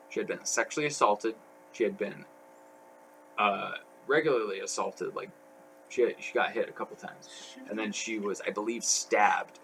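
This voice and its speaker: A man's voice: lowish voice, vocal fry, sharp tone, slight background noise, poor audio. A young man talking as a podcast guest, telling stories in a rambling way full of fillers. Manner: rambling, filler-heavy storytelling. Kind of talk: casual podcast chat.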